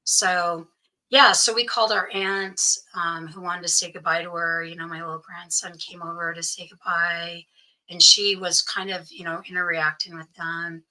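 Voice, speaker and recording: A woman's voice: on the low side, flat delivery, moderate pace, sharp tone, low-quality recording. A middle-aged woman, a guest in an interview, telling a personal story and acting out what each person said. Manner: recounts events by acting out quoted dialogue.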